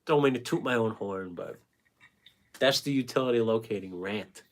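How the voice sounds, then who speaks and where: A man's voice: mid-range voice, normal speed. Chatty man reading out livestream comments. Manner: rambling, reads viewer comments aloud and answers them; talkative, chummy with viewers. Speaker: painting livestreamer. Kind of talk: casual livestream chat.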